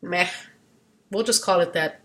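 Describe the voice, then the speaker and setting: A woman's voice: on the low side, unhurried. Rambling woman vlogger on side rants. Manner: rambling, loses her train of thought, side rants; animated, gets loud at times. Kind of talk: casual rambling monologue.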